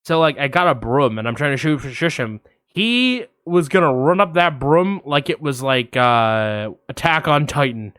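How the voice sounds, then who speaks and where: A young man co-hosting a podcast, telling a long story in a casual, animated way, swearing freely and acting out the voices of others. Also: fairly high pitch, unhurried, clean tone, no room sound, studio quality. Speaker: podcast co-host.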